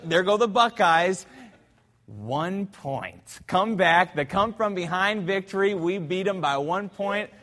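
A man preaching a sermon as pastor in a church, telling a story fervently, swinging between loud and hushed. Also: high voice, in a large hall. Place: church sanctuary.

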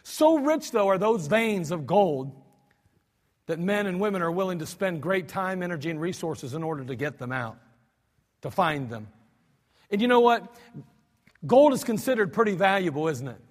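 A male pastor preaching a sermon, animated, acting out cries and mock cussing with frequent restarts. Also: high-pitched, moderate pace, long pauses. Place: church sanctuary. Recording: archived service recording with long hall reverb.

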